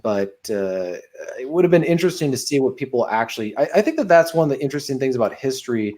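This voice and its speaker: A man chats casually as a podcast guest, drifting from thought to thought with many ums and uhs. His voice sits at an ordinary middle pitch. He sounds like he is on a video call from home. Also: sing-song, fast talker, darkish tone. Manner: rambling, digressive, frequent um and uh.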